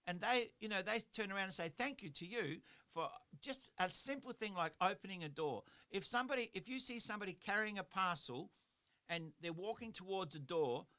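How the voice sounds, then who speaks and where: Bright-voiced radio host. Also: male voice, sits high, animated, fairly quick. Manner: earnest, rambling, repeats phrases for emphasis. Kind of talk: motivational radio chat. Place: radio studio.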